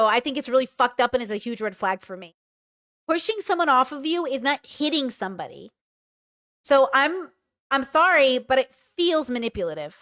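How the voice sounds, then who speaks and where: A woman's voice: sits high, fairly bright tone, no room sound, studio quality. A young woman giving casual reaction commentary, blunt, profane and exasperated.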